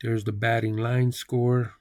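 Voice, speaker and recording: A man's voice: mid-range voice, takes it slowly, dry recording, clean studio sound. A man hosting a video game channel, calling play-by-play on a baseball simulation with jokey nicknames for the players. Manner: jokey nicknames, excitable on big plays.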